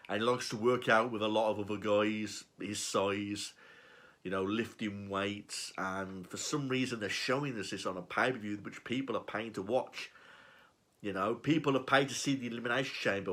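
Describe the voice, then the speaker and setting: A man's voice: fairly low pitch, steady tone, moderate pace, bright, forceful tone. A man giving a sarcastic, profane, exasperated rant reviewing a wrestling show. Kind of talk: ranting review.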